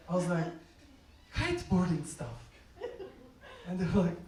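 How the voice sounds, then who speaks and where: A man from Turkey doing a stand-up comedy set, telling stories in a deadpan way and acting out the other people in them. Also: sits high, normal speed, pauses often. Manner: deadpan storytelling, acts out voices in quotes. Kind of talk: stand-up set with crowd work. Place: comedy club stage. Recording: roomy live club sound, mic distant, crowd noise. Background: audience laughter.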